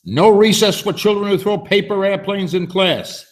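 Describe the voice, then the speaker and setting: A man's voice: sits high, very animated, moderate pace, pitched above the performer's own voice. A man voicing a stern, monstrous woman schoolteacher who roars her scolding. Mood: roaring. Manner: roaring, scolding.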